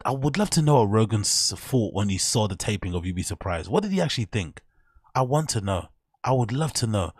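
A man's voice: lowish voice, husky, no room sound, studio quality. A man hosting casual reaction commentary, mocking and profane as he rambles over clips. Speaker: commentary channel host.

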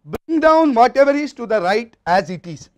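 A man's voice: extremely high pitch, sing-song, normal speed. A man with an Indian English accent giving a university lecture, explaining step by step in a methodical way.

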